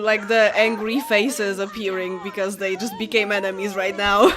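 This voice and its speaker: A woman's voice: medium pitch, flat delivery, unhurried, a crowd in the background. A young woman with Polish as her first language, casually commentating a life-sim game, chatting to her characters and laughing often. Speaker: gameplay commentator. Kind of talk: casual let's-play commentary.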